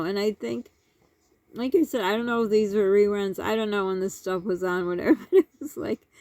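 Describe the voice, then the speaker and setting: A woman's voice: mid-range voice, no room sound. A middle-aged woman telling childhood stories in a casual, rambling way, laughing often as she talks. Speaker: vlogger. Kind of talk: casual storytelling.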